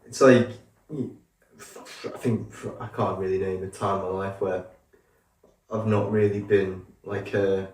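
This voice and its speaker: A man's voice: fairly low pitch, steady tone, slow pace, a little mellow. A man from the Isle of Man hosting a podcast, talking in an easygoing, agreeable way with lots of fillers. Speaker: podcast host. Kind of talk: casual chat. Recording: echoey room, distant mic, faint noise.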